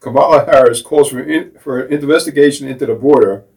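Male talk show host, scoffing and sarcastic, mid-pitched, recorded off-mic. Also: quick pace, creaky, a little mellow. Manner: sarcastic, scoffing, laughs at his own jokes. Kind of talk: mocking political talk show banter. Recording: voice distant from the mic.

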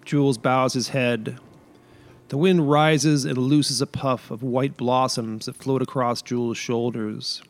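A man, the author, reading his own short story as first-person narration in a measured, unhurried way. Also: medium pitch, steady tone.

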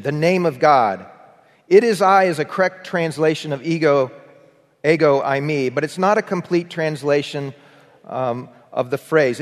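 A man preaching a sermon as pastor, earnest, with shifting emphasis, sometimes having the congregation repeat phrases after him. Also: a little high. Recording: long hall reverb.

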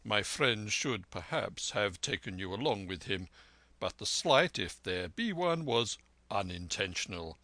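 A man voicing a calm, shrewd doctor with a dry wit who speaks in an urbane, composed manner in a storybook reading. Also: lowish voice, unhurried, no echo, exaggerated voice.

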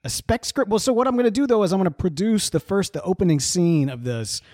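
Animated man in lively podcast chat. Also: sits high, fast talker, dry recording, studio quality. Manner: animated, laughing, self-interrupting. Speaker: podcast co-host. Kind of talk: casual chat.

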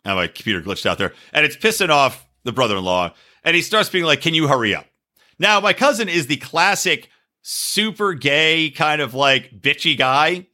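Animated man telling a crude story. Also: a little high, moderate pace. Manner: animated, shouts when acting out quotes. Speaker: podcast host.

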